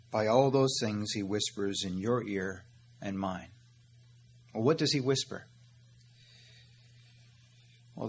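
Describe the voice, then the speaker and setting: A man's voice: medium pitch, a little hiss or hum. A man preaching a sermon as pastor, earnest and direct, calling his listeners "beloved" and "my friend" and asking questions he answers himself.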